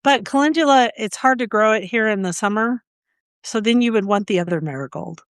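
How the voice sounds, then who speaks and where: A woman's voice: fairly high pitch, a little fast, clear, resonant tone, dry recording, studio quality. A woman co-hosting a gardening podcast, chatting casually and telling stories with frequent laughs. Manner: chatty, storytelling, laughs often. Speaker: podcast co-host.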